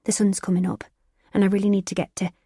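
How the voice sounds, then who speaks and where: A woman's voice: mid-range voice, level tone, fast talker, dark tone, breathy edge, no room sound, studio quality. A woman voicing a nervous, fearful young woman speaking with urgency. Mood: impatient.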